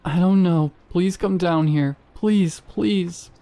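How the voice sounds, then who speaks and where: A man voicing an inhuman thing in a pit that mimics a frightened young woman, pleading and eerie, sometimes in a raspy whisper. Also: on the high side, unhurried, mellow, lightly acted. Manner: pleading, then eerily singsong.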